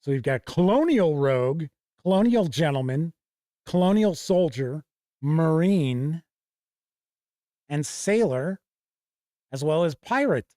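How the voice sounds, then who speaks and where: A man with a fairly high voice who hosts a tabletop game show in a casual, unhurried way. He reads item lists aloud from a rulebook and drops little asides and corrections. The sound is dry and close to the microphone. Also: expressive, dark tone, no room sound. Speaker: show host reviewing tabletop RPG books. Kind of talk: casual chat, reading from a rulebook on stream.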